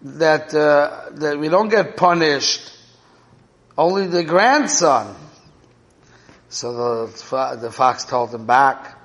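Male Torah teacher, unhurried delivery, long hall reverb. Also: fairly high pitch, lively intonation, fairly bright tone. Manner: checks in with listeners, 'right?' and 'okay?'. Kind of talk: Torah class explaining a parable.

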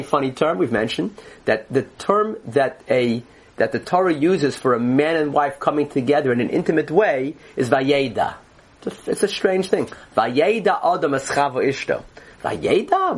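A man's voice: fairly high pitch, breathy edge, rough recording. A man teaching a Torah class, earnestly explaining ideas and often restarting his phrases.

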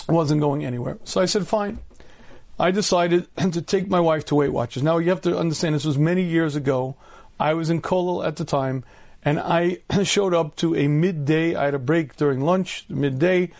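A man in his fifties, a rabbi giving a storytelling Torah lecture, often clearing his throat and using humor. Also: a little high, a little mellow. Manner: humorous, acts out voices in anecdotes.

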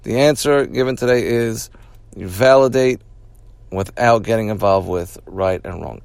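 Low gravelly man hosting an advice podcast. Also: measured pace, a little mellow, no echo. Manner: repetitive, restarts phrases while explaining. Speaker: podcast host.

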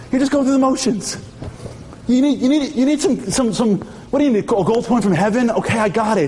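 High-voiced man preaching. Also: a little mellow, a little hiss or hum. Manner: acts out dialogue with quick shifts of voice; emphatic, with frequent rhetorical questions. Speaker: lecturer at a memorial tribute. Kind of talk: storytelling sermon with humor.

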